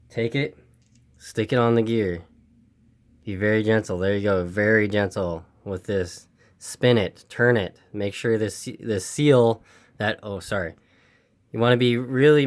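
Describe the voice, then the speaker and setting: Rambling man explaining an RC repair. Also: on the low side. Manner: rambling, repeats instructions, apologizes for camera. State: voice giving out. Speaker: RC hobby video host. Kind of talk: casual how-to walkthrough.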